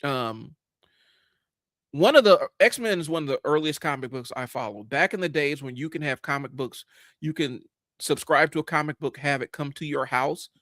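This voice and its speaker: Man in his forties, slightly high voice, rambling, blunt, casual, dry close sound. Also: normal speed, a bit bright, dry recording. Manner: rambling, lots of fillers and restarts; blunt, casual, swears at times. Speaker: livestream host. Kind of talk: casual comic book commentary.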